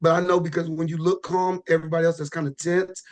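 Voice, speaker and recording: Podcast guest, male: easygoing and rambling, restarts a lot, pitched a touch high. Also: quick pace. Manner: relaxed, rambling with frequent restarts and "you know". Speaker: podcast guest, pro bodybuilder. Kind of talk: casual podcast chat.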